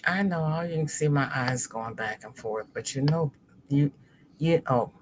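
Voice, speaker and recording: Her voice low and her pace moderate, a middle-aged woman chats through her crochet livestream, reading viewer comments aloud with an expressive, talkative manner and the odd sudden exclamation. A little background noise can be heard.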